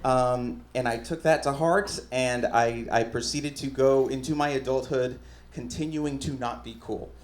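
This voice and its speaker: A man's voice: medium pitch, fairly even intonation, unhurried. A young man from Alabama hosting a live storytelling show on a small theater stage, chatty and joking at his own expense. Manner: chatty, self-deprecating, joking. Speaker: host. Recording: roomy live theater sound.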